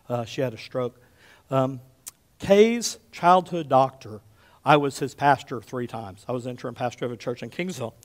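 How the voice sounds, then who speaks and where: A man in his fifties preaching a sermon as pastor, telling stories with big swings between loud and hushed, often checking in with "okay?". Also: medium pitch. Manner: animated storyteller, often checks in with "okay?", drops to a hush for quotes.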